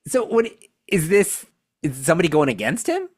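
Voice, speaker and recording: A podcast co-host in a casual chat, sarcastic and quick to laugh. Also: medium pitch, slightly rough. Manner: animated and sarcastic, laughs often.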